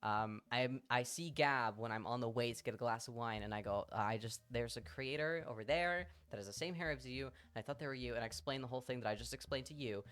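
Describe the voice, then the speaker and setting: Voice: medium pitch, fast, few pauses, a bit bright. A streamer telling a story in casual chat on a live stream, chatty and swearing freely.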